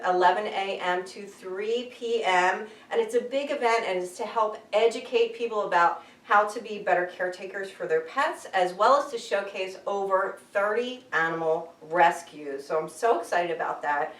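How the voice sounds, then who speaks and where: A woman guest, an animal communicator, telling stories in an animated, chatty way and laughing often. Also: medium pitch, normal speed, hardly any pauses. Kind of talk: casual storytelling interview. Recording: echoey room, distant mic.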